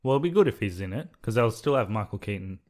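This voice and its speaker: A man's voice: on the low side, expressive, fast, a little mellow. A man co-hosting a podcast, talking hesitantly and restarting sentences as he thinks aloud. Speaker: podcast co-host. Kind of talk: casual chat.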